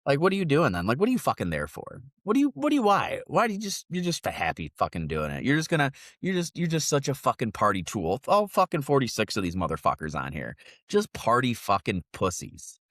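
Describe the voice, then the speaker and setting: A congested man rants hard on a podcast, swearing constantly and slipping into sneering sarcastic voices. His pitch leaps high and drops low as he goes. The sound is close and dry. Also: huge pitch swings, a little fast, fairly bright tone, dry recording. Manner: profane, mocking, rants with sarcastic put-on voices. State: congested sinuses, sniffing. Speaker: podcast co-host. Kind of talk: profane political rant. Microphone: separate remote mic.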